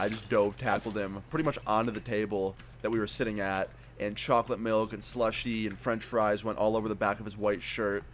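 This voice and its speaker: A man's voice: fairly low pitch, a little hiss or hum. A young man telling a casual, profane storytime as a YouTuber, acting out his own lines. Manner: casual, profane, animated retelling. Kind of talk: storytime vlog.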